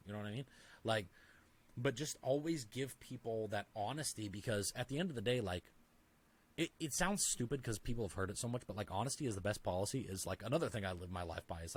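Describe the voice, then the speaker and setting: A man's voice: mid-range voice, husky. A man talking as a podcast guest in casual conversation, emphatic and full of "like"s, often acting out little dialogues in other voices. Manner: filler-heavy, talks with many "like"s.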